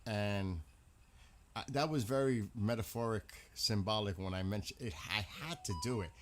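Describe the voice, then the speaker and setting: Low-voiced man chatting on a live stream. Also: moderate pace, a little hiss or hum. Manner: rambling, storytelling to chat. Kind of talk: casual live-stream chat.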